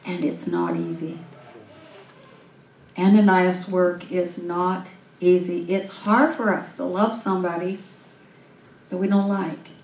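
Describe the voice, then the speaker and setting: A woman minister giving a sermon, telling a story in a lively, animated way. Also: on the low side, slow pace, pauses often. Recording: roomy, from far off.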